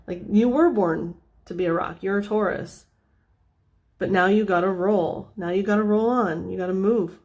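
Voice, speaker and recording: A woman at an ordinary middle pitch talks through a tarot spread in a loose, meandering way, circling back on her own words as the thoughts come. Her voice stays soft and easygoing and sometimes sinks almost to a whisper. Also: moderate pace. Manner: meandering, thinking aloud with many fillers. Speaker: tarot reader. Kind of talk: casual tarot reading.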